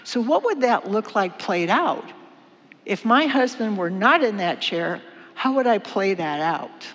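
An older woman giving a church talk, teaching and acting out scenes in a lively, dramatizing way. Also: mid-range voice, unhurried. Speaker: church speaker. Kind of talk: teaching talk with acted-out skit. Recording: long reverb of a large hall.

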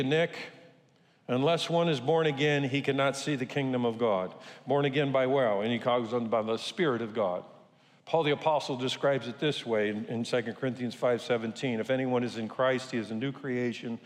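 A man's voice: medium pitch, fairly even intonation, normal speed. An older man preaching a sermon to a congregation in a conversational, joking way. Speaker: pastor. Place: church sanctuary. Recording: reverberant church hall.

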